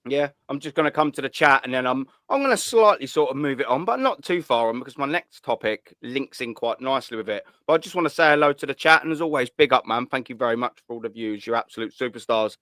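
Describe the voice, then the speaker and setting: Blunt, swearing host. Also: male voice, mid-range voice, lively intonation, fast talker, few pauses, sharp tone, no echo, studio quality. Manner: blunt, swearing, laddish banter. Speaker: host of a call-in show. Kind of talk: casual live stream chat.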